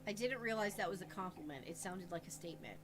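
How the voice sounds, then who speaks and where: A woman's voice: on the low side, animated, quick pace, over music. A woman co-hosting a casual livestream chat, chatty and opinionated, teasing her partner. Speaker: co-host.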